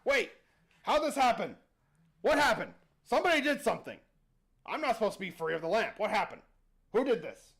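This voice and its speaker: A man voicing a huge, overly polite male genie who calls out loudly and apologizes as he goes. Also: high-pitched, sing-song, very slow, vocal fry, pauses often, breathy edge, heavily acted. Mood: flustered polite. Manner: apologetic, loud and courteous.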